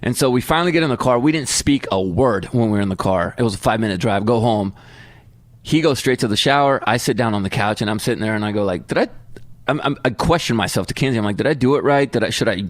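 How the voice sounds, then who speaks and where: A man's voice: mid-range voice, expressive, fast, dry recording, clean studio sound. A man in his thirties, a podcast co-host telling a long story in casual chat and acting out the voices in his quotes.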